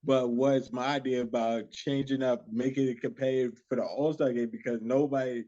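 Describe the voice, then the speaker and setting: A mid-pitched man in casual podcast talk, halting and restarting, saying things twice and standing his ground. His voice comes through dull and lo-fi. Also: fairly even intonation, dark tone. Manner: halting, insistent, repeats himself. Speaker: podcast co-host.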